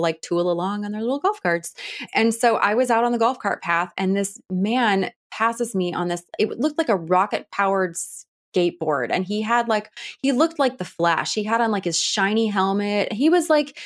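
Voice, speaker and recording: A woman in her thirties from Ohio, a guest telling lively stories with laughter and acted-out quotes. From Ohio, Cleveland area. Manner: lively, laughing, acts out quotes with big pitch jumps. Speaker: guest, author. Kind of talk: animated storytelling in a podcast interview.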